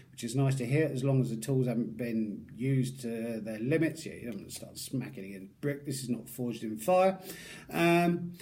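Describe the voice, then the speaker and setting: A man's voice: mid-range voice, moderate pace, darkish tone. A man talking casually to camera as a product reviewer, chatty and self-deprecating, rambling between asides.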